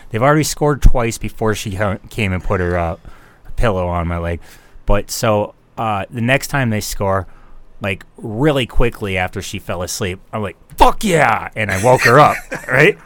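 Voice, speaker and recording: Low-voiced man telling a rambling story. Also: lively intonation, normal speed, fairly bright tone, dry recording. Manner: rambling, lots of fillers and restarts. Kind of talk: casual storytelling chat.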